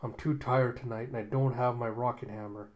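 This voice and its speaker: A man voicing a tired middle-aged male doctor and bounty hunter, with low-key, worn-out delivery. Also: steady tone, a little fast, close to an everyday voice. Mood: weary.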